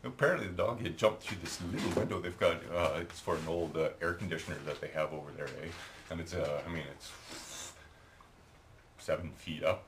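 A man's voice: deep voice, brisk, background noise. A middle-aged Canadian man with a Canadian accent, telling a rambling, chatty story while painting at home, tagging his lines with "eh". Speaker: hobby painter and video maker.

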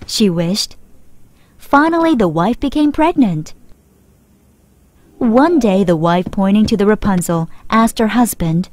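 Clear, expressive woman narrating a fairy tale. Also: mid-range voice, unhurried, no echo. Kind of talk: scripted storybook narration for children.

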